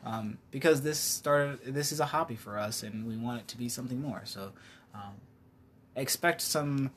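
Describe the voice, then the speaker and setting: A man co-hosting a podcast in casual chat, slangy and quick to laugh, often losing his train of thought. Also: medium pitch, fairly bright tone, slight background noise. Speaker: podcast co-host.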